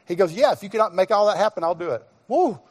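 A middle-aged male guest pastor preaching, telling a personal story with acted-out dialogue and sudden shouts. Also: high-pitched, fast talker. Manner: animated storyteller, acts out dialogue, bursts into shouts. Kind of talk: sermon storytelling. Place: church sanctuary. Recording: long reverb of a church hall.

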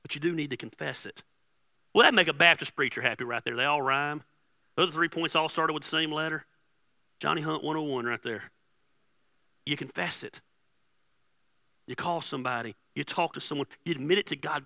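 A man preaching a casual, joking sermon as pastor, swinging from hushed asides to loud bursts. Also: on the high side, sing-song, a little fast, long pauses, no room sound.

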